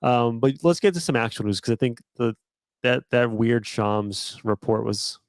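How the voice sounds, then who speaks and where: A man in casual sports-podcast chat, relaxed and chuckling as he talks, with some cursing. His voice sits at an ordinary middle pitch. It is recorded on a dry, close microphone with no room sound. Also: normal speed, dry recording. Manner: laid-back, chuckling, profane. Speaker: podcast co-host.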